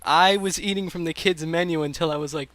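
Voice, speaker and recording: A man's voice: a little high, steady tone, a bit bright, no room sound. A young adult man interviewing a guest in a playful, joking way. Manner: playful, joking, quick to laugh. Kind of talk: casual interview.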